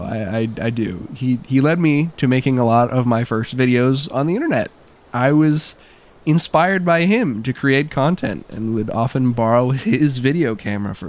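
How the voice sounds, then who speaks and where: A man's voice: medium pitch, animated, moderate pace. A young man telling a childhood story in a wry, casual way, laughing often.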